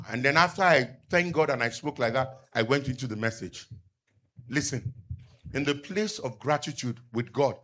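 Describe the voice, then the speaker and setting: A middle-aged male pastor, preaching a sermon with emphatic call-and-response and loud peaks. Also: medium pitch.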